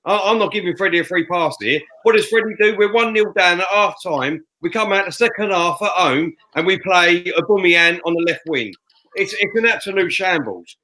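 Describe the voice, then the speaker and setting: A man, co-hosting a fan podcast, ranting loudly and emphatically. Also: high-pitched, moderate pace, rough recording. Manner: loud, fuming, emphatic. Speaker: fan show co-host. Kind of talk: heated fan podcast rant. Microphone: headphones and studio mic.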